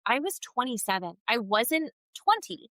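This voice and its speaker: A woman's voice: on the high side, sing-song, measured pace, a bit bright, dry recording, low-quality recording. A woman podcast co-host, casually telling a personal story and acting out quoted dialogue. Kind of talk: casual chat.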